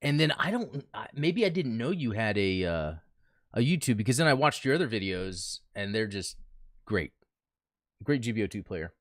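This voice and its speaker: Male stream host, casual and chatty, animated pitch, dry close sound. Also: normal speed, dry recording. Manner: chatty, greets viewers, thinks aloud. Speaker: livestream host. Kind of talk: casual livestream chat. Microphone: desk mic he talks into.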